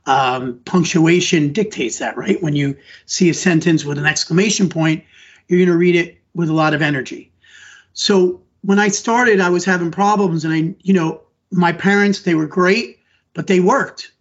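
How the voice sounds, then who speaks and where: Husky earnest male teacher, lo-fi. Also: a little high, normal speed. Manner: earnest, rambling, restarts sentences. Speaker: elementary school teacher. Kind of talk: conversational podcast interview answers. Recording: dull lo-fi audio.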